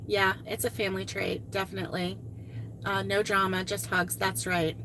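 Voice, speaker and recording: On her crochet channel's live stream, a woman reads out viewer comments and chats casually, frequently gushing and exclaiming. Her medium-pitched voice is pushed and bright yet flat in delivery, at normal speed, over a faint hiss or hum.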